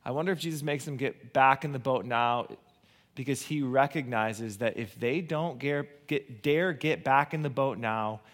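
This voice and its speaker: A male pastor preaching a sermon, animated, rising to near-shouts on key points and dropping low and soft for emphasis. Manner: reads scripture aloud in a slow, emphatic cadence.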